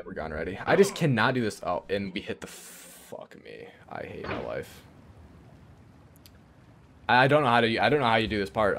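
Brief: young man ranting at a game, very animated voice, loud swearing outbursts. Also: slight background noise. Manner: swings from yelling rage to low mumbling. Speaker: gaming YouTuber. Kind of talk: casual gameplay commentary.

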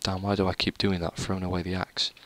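A man's voice: low-pitched, completely flat delivery, quick pace, a bit bright. A young man giving a rambling, self-deprecating tour of a game world, full of hesitant fillers. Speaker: gaming YouTuber. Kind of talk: casual let's play commentary.

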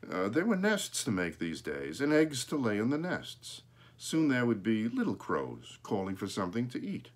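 A man reading a children's storybook aloud, pausing now and then to point out the pictures. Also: fairly low pitch, huge pitch swings.

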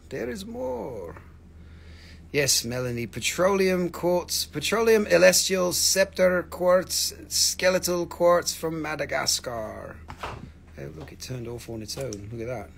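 A man's voice: fairly high pitch, creaky, a little hiss or hum. Joking, foul-mouthed man selling crystals live. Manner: joking, rambling, swears freely. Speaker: live-stream crystal seller. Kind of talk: casual live sales chat.

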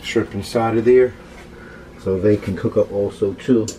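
A man's voice: fairly low pitch, fairly even intonation, a little slow, noisy background. A man with a Philadelphia accent, talking casually and repeating himself as he cooks on his own video. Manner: laid-back, chatty, repeats himself. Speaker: cooking vlogger. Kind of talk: casual cooking vlog.

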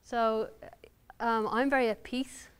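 Speaking slowly with fairly even intonation, an Irish woman with a slightly high, smooth voice reads her fiction to an audience in a university lounge. Afterward she fields questions in a candid, wry and self-deprecating way.

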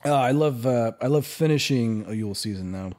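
This is a man of middle pitch co-hosting a casual podcast. He chats loosely over drinks, rambles from one story to the next and breaks into laughter often. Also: brisk, darkish tone. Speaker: podcast co-host.

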